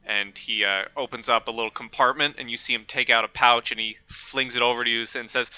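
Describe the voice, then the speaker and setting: A man's voice: mid-range voice, fairly even intonation, brisk, hardly any pauses, sharp tone, clean tone, no room sound. A man narrating as game master in a casual, hesitant way.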